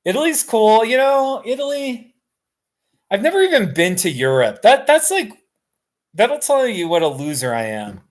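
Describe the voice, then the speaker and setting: A man's voice: high-pitched, very animated, moderate pace. A tired middle-aged man hosting a casual live stream from his couch at home, rambling, self-deprecating and laughing often. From United States.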